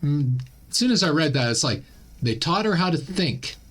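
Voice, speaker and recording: A man's voice: a little high, very animated, brisk, a bit bright. A Canadian man hosting a casual opinion commentary, blunt and ranting. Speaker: commentary channel host.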